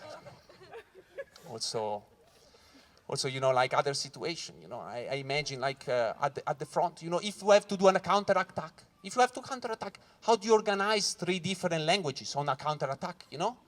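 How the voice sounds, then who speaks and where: A man with a Swiss Italian accent doing stand-up comedy, who swears and acts out voices with loud punchlines. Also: fairly high pitch, animated, fast talker, hardly any pauses, a little hiss or hum. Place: corporate event room with live audience. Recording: live crowd audible. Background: audience laughing.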